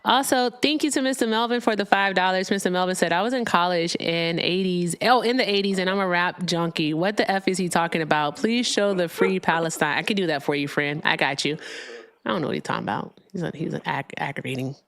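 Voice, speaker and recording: A woman's voice: fairly low pitch, brisk, fairly bright tone. A woman hosting a political call-in livestream, chatting casually, swearing freely and gushing thanks to her viewers. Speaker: livestream host.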